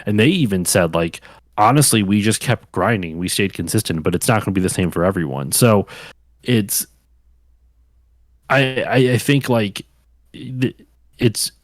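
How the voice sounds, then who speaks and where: A man's voice: lowish voice, animated, moderate pace, long pauses, no room sound. A man hosting a podcast in casual chat, rambling with lots of fillers and restarts. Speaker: podcast host.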